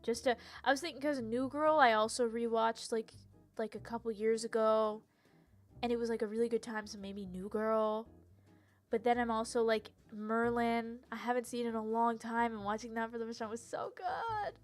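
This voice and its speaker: A woman's voice: on the high side, moderate pace, soft background music. Ranting young woman streamer. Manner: animated, ranting with laughs and restarts. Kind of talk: casual chat, live stream rant.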